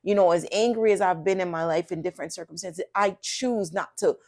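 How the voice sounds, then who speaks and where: A woman's voice: fairly low pitch, a little fast, a little mellow. A woman co-host giving earnest faith-based commentary, speaking straight to the audience in a teaching tone.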